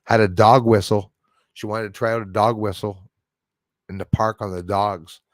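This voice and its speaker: Reading his viewers' comments aloud, a livestream host with a fairly low, level voice chats loosely at a moderate pace. The studio-quality audio has no echo, and he laughs often and drifts off mid-thought.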